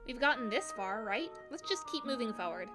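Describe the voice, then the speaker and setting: Woman voicing an earnest young girl, friendly, slightly nervous, highish voice, clear music behind. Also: lively intonation, fairly quick, lightly acted. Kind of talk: live fan dub.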